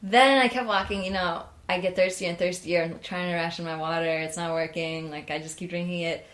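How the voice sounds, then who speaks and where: A young woman telling a long story in a casual chat, animated and full of "like" fillers, jumping higher when she acts out her own reactions. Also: brisk. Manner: chatty, animated, many "like" fillers, jumps high acting out her own reactions. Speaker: interview guest.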